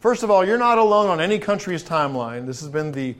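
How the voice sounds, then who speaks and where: A middle-aged man preaching a sermon in a folksy way, building to emphatic, drawn-out stresses on key words. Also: high-pitched, very animated, fairly bright tone.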